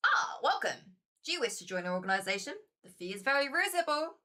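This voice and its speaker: A smooth, faintly sinister cult recruiter from a storybook board game, as a woman puts him on purrs an invitation in a silky voice. The tone is bright and a touch high, sweet on the surface with something ominous under it. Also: big pitch swings, quick pace. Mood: welcoming.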